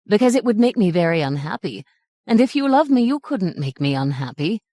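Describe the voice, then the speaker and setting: A woman voicing a gentle, loving mother. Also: medium pitch, sing-song, brisk, dry recording, studio quality. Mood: tender. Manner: soft, tender, earnest.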